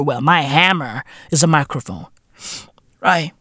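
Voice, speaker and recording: Profane, animated South African podcast ranter. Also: male voice, measured pace, dry recording. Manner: profane, swings from shouting to low muttering. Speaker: podcast host. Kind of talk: comedic podcast rant.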